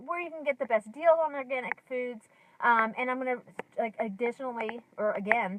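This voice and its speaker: Talking casually to the camera from her car, a lifestyle vlogger in her thirties chats away with lots of ums and likes, sounding slightly out of breath. Her voice sits fairly high, and there's noise in the background.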